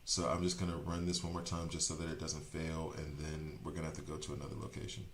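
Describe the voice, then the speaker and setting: Deep-voiced man rambling over a game. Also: monotone, fast, echoey room, a little hiss or hum. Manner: chatty, rambling, self-correcting. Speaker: streamer. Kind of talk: casual gameplay commentary.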